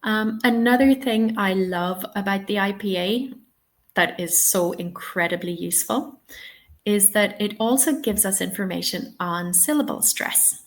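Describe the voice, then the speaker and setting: A woman's voice: medium pitch, measured pace. A woman running a teaching webinar, encouraging and checking in often with "okay?" and "yeah?". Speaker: TEFL trainer.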